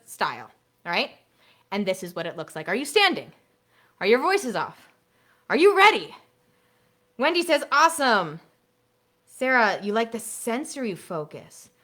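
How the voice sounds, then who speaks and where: A woman music teacher leading a live online workshop for other teachers, chatty and playful, dropping to a soft hushed voice to demonstrate classroom routines through a computer mic. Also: medium pitch.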